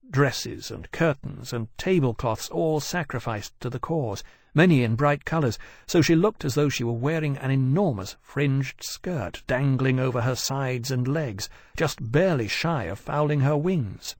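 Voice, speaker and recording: A man reads a novel aloud in a measured, even storytelling manner. His voice sits at a middling pitch. The recording is close and dry, with no room sound. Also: dry recording. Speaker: audiobook narrator. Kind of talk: scripted narration.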